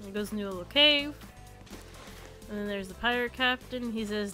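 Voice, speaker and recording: A woman's voice: medium pitch, moderate pace, sharp tone, faint music behind. A young woman live-streaming a building game, chatting casually and giggling often.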